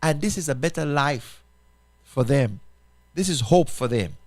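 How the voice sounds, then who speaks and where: A pastor hosting a talk show, speaking, makes an impassioned appeal full of repetition and rhetorical questions. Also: male voice, fairly high pitch, expressive, unhurried, darkish tone, dry recording. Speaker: pastor and radio show host.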